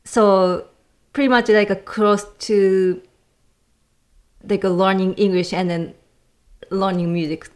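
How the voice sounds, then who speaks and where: A woman's voice: medium pitch, steady tone, slow, long pauses. Hesitant woman guest, many fillers. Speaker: guest, cellist. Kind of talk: casual interview talk.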